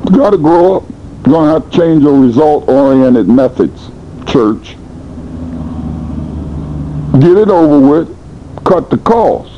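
A man preaching a sermon in a blunt, colloquial manner, swinging between high and low in animated bursts. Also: lo-fi sound, slight background noise. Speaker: pastor.

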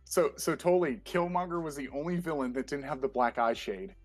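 Man, casual podcast chat, excitable fanboy, lots of fillers, faint music behind. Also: fairly high pitch, brisk, no echo. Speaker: podcast co-host. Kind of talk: casual chat reviewing a show.

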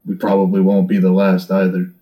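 A man playing his character in a tabletop game, talking in a steady, firm, reasoning way. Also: low-pitched, brisk, poor audio. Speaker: player.

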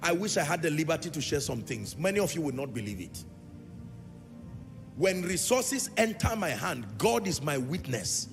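A man's voice: a little high, sing-song, normal speed, vocal fry, soft background music. A man preaching a sermon in a large church hall, pressing his point with repeated phrases and sometimes half-singing his lines. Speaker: pastor.

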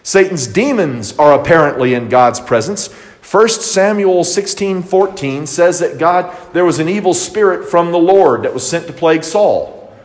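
A man leads a Bible study, reading verses and then explaining them in a relaxed way full of restarts and fillers. His voice sits a little high for a man. The sound carries a long reverb from a church hall. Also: moderate pace. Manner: conversational, many fillers and restarts. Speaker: Bible teacher.

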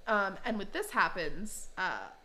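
A woman in the middle pitch range chats through a casual recap. She talks loosely and laughs often, and her speech is full of fillers. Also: sing-song, unhurried, bright, forceful tone. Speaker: podcast host.

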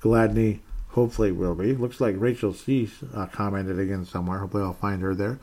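Low-voiced man, chatty podcast host. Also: fairly even intonation, a little fast, hardly any pauses, darkish tone. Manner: chatty and joking, laughs often. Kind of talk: casual chat reading listener comments.

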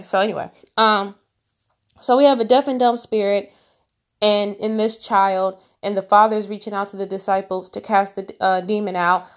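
A woman leading an informal Bible study, reading verses aloud and then talking them over. Her talk is loose and full of fillers and restarts. She presses hard on her strongest points. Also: medium pitch. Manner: conversational, many fillers and restarts, gets emphatic. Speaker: Bible teacher.

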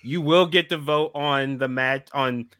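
A man's voice: mid-range voice, unhurried, crowd noise. A man in a casual group chat over a voice call, swearing freely and laughing mid-sentence.

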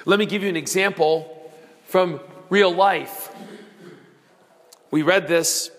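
A man preaches slowly in a high voice, acting out the voices of his story and shouting the strongest lines. His sermon rings through a church with a long, lingering reverb. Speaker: pastor. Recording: long reverb of a large hall.

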